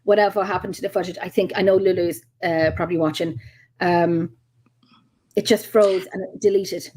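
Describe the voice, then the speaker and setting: A woman's voice: fairly low pitch, steady tone, normal speed, a little mellow, husky, poor audio. A woman with an Irish accent, a paranormal investigator, chatting as a guest in an interview and telling long stories full of ums and restarts. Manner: rambling storyteller with frequent ums and restarts. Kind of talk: casual interview chat.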